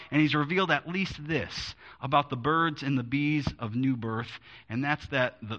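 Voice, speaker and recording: A man's voice: mid-range voice, sharp tone. A man teaching through a Bible passage verse by verse, earnest and emphatic, repeating key phrases. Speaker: preacher. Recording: dull lo-fi sound.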